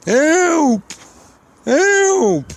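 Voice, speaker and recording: A man voicing a pushy, rude old man in his sixties or seventies, shouting in a strained, shrill voice. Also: very animated, very slow, slight background noise, heavily acted. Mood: plaintive. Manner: bellowing and cranky.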